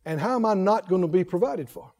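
High-voiced, lively preacher man. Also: long reverb tail. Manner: rising to shouted declarations, drawn-out emphatic phrases; leads the congregation to repeat lines. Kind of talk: sermon with call-and-response.

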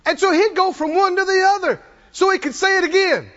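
A man preaching a sermon, telling a story dramatically, acting out the characters and swinging from shouts to near-murmurs. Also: very high voice, lo-fi sound. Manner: acts out the characters' lines in quick voices.

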